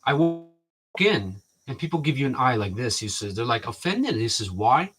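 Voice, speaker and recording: A man's voice: mid-range voice, expressive, moderate pace, fairly bright tone, soft background music. A man talking in a rambling, casual way to his viewers, often restarting sentences and acting out what people said to him. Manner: rambling, restarts often, acts out quoted exchanges. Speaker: vlogger.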